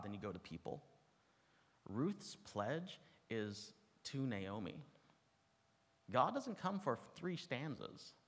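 A man delivers a sermon at a mid-range pitch, talking to his listeners in a relaxed, conversational teaching style with personal asides. His voice rings out with a long reverb from a large hall. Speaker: preacher. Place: large room with an audience.

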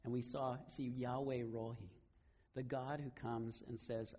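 Husky male pastor, casual preaching. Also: mid-range voice, steady tone, normal speed, darkish tone, dull audio. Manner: conversational storytelling, casual paraphrase of scripture. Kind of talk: sermon.

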